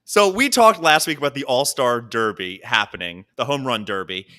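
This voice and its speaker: A young man co-hosting a casual comedy podcast, telling stories in an animated way with quick laughs. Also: mid-range voice. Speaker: podcast co-host.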